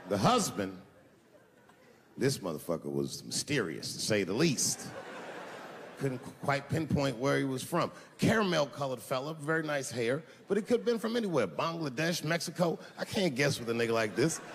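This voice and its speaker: Guy doing standup in a huge theater, voice jumping up and down a lot, long echo, loud crowd noise. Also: very animated, normal speed, vocal fry. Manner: loose storytelling, swings from low mutters to shouted punchlines. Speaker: stand-up comedian. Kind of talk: stand-up comedy set. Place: large theater stage with a laughing audience. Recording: live stage sound in a big reverberant hall.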